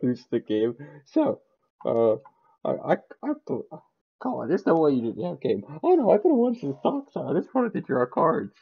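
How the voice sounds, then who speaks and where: A man's voice: on the high side, huge pitch swings, moderate pace, creaky, slightly rough, muffled recording. A man giving casual, joking and profane commentary while playing an online card game. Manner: joking, profane, self-mocking.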